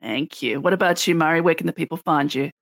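A woman's voice: sits low, fast, vocal fry, dry recording. A woman co-hosting a podcast, with dry, teasing humor as she jokes and reads the outro. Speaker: podcast co-host. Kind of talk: casual podcast chat, reading outro.

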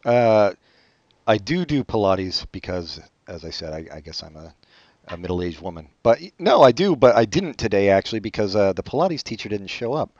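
A man co-hosting a podcast in casual chat, joking in a sarcastic, deadpan way. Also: fairly low pitch, moderate pace, no room sound, muffled recording. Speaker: podcast co-host.

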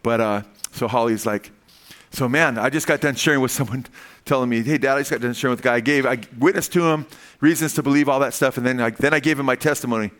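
An older man preaching a sermon as pastor, emphatic, often asking "Amen?" and rising in pitch when he pleads. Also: fast, fairly bright tone.

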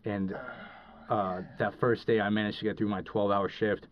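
A man's voice: lowish voice, level tone, normal speed. A man, a podcast guest, telling a story in casual, rambling talk full of fillers and restarts. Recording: dull lo-fi recording.

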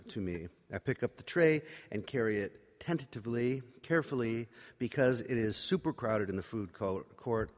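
A man preaching by telling a personal story in a wry, conversational, self-mocking way. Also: medium pitch. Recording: reverberant hall.

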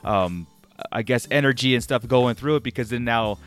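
A man's voice: mid-range voice, moderate pace, a bit bright, soft background music. A young man co-hosting a casual film review chat, rambling enthusiastically with lots of fillers. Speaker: podcast co-host.

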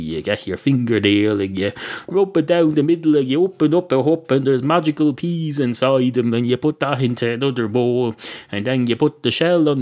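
An Irish man hosting a comedy podcast, ranting in a rambling, sarcastic and sweary way. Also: medium pitch. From Ireland. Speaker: podcast host. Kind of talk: comic monologue.

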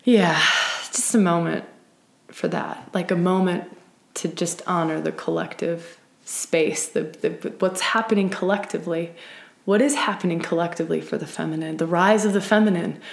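Speaking at normal speed with fairly even intonation, this circle leader has a lowish, creaky voice in a roomy-sounding space. She hosts a live-streamed spiritual talk for an online women's circle, earnest and emphatic, often restarting and tossing in "right?"

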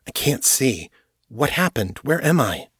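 A male narrator voicing a bewildered police psychologist who talks in a tense, hushed way. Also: lowish voice, unhurried, breathy edge, dry recording, studio quality.

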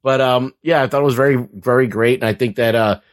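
A man chatting loosely on a podcast, his mid-pitched voice wandering through long recaps. He swears freely and laughs now and then as he talks. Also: fast talker. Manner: rambling, profane, laughs while talking. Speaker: podcast co-host. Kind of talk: casual chat.

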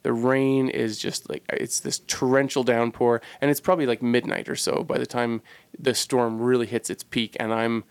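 Gravelly-voiced man telling a reflective story. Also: mid-range voice, little pitch movement, moderate pace, no echo. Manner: earnest, reflective, searching for words. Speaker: podcast co-host telling a personal story. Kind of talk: casual storytelling.

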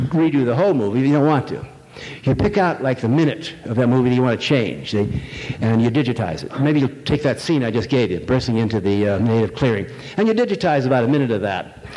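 A man's voice: medium pitch, darkish tone. A man giving a live lecture to an audience, rambling, wry and irreverent. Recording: long hall reverb, faint noise.

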